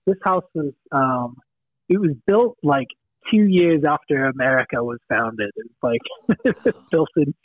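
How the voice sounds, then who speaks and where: A man's voice: mid-range voice, measured pace, dry recording. A man with a Manchester accent telling a ghost story in casual chat, rambling and laughing, with lots of ums. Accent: Manchester English. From England. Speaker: podcast guest storyteller. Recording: dry, tinny phone-like line.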